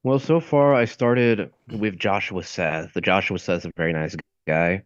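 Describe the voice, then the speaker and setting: A man's voice: low voice, unhurried, no room sound. A young man, an aspiring voice actor, chatting casually on a stream and rambling as he searches for words. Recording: dull lo-fi mic.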